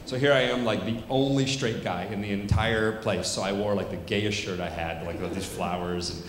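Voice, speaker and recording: A man's voice: fairly low pitch, fairly even intonation, moderate pace. A middle-aged man working as a stage hypnotist, joking and bantering with his audience during a live show. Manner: joking, chatty banter with the crowd; commanding hypnotic suggestions. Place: large theater stage. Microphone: stage microphone. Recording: echoey hall with loud audience noise. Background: audience laughter.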